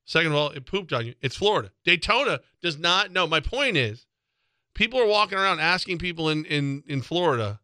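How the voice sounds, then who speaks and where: A man's voice: a little high, expressive, fairly quick, pushed and bright, dry recording, studio quality. A middle-aged man co-hosting a sports radio show, rambling and joking in casual talk.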